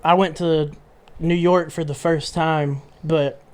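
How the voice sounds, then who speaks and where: A man's voice: on the high side, steady tone, takes it slowly, darkish tone, clean tone. A young man, a podcast guest telling stories and laughing mid-sentence. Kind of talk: casual storytelling.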